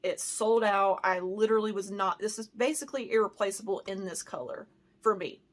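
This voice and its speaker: A woman's voice: mid-range voice, a little fast. A woman from the United States telling a storytime in a casual vlog, heated and emotional, with lots of "like" and "you know". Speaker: handbag vlogger.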